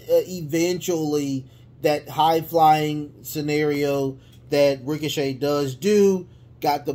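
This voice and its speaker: A man talking through a wrestling recap in loose, casual speech. His voice sits a little higher than most men's. He rambles, stumbles over restarts and fills gaps with "uh" and "um", then lights up with excitement. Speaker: wrestling show reviewer.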